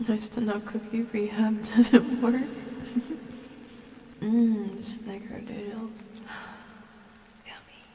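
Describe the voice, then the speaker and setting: A woman streamer hosting a cozy ASMR chat, talking to viewers softly and often in a whisper, unhurried. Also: fairly high pitch, little pitch movement, roomy sound, long reverb tail, far from the mic, a little hiss or hum.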